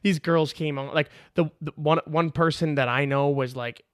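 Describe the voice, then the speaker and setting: A man hosting a solo podcast in a loose, energetic storytelling way, cursing freely and chuckling along. His voice sits a little high for a man. The sound is dry and close, with no room echo. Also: moderate pace, smooth. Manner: animated, swears freely, laughs through his story. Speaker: podcast host. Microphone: video camera on a tripod.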